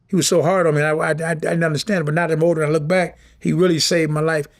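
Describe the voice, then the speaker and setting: A middle-aged man talks quickly and earnestly in a casual interview. His voice is gravelly and sits a little high for a man. He circles back over his words as he goes. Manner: heartfelt, drawn-out, repeats himself. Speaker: former boxing champion, guest.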